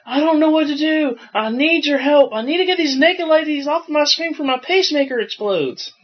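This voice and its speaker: A man voicing a panicky old man calling tech support, frantic and pleading in a high squeak. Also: lively intonation, brisk. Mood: panicked. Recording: dull lo-fi podcast audio.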